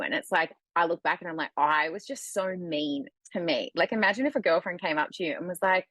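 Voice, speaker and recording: Woman, low pitch, husky, candid, casual podcast talk, dry close sound. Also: brisk, few pauses, dry recording. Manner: candid, animated when acting out quotes. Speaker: guest, food coach. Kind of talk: casual conversation.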